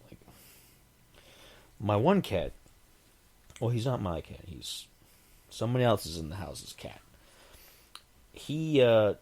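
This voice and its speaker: A man with a somewhat low voice hosts a podcast on his own. He talks in a casual, meandering way, pokes fun at himself, and breaks in with homemade animal noises. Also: darkish tone. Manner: chatty, self-deprecating, imitates cat sounds. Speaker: podcast host. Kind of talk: casual rambling monologue.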